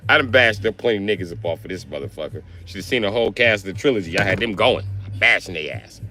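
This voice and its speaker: Animated, profane livestreaming man. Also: fairly low pitch, quick pace, faint music behind. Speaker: livestreamer, mechanic. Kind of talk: casual livestream chat.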